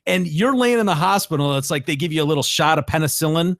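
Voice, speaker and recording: A man's voice: on the high side, animated, fast talker, fairly bright tone, dry recording. Joking male podcast host, dry sound. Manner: joking, laughs often, loose fillers. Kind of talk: casual podcast banter.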